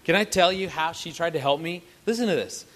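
Man with a bright, fairly high voice. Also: a little fast. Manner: playful, teasing, animated. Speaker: married couple's co-speaker at a family camp. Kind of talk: humorous storytelling to an audience.

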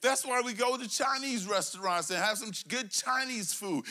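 A middle-aged man from Brooklyn, preaching a sermon with call-and-response, swinging between loud emphasis and low asides. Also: animated, moderate pace, hardly any pauses. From Brooklyn, New York. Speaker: pastor.

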